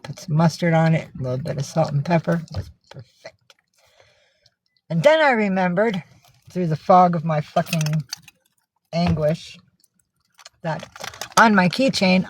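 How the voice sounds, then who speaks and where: A woman's voice: lowish voice, a little mellow, a little hiss or hum. A woman vlogging in a casual livestream style, rambling, cooing to her pets and swearing casually, talking from inside a car.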